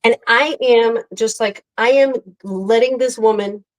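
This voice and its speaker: Animated woman telling a story. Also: a little high, measured pace, poor audio. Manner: animated storyteller acting out quotes. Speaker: podcast co-host. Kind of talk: casual chat.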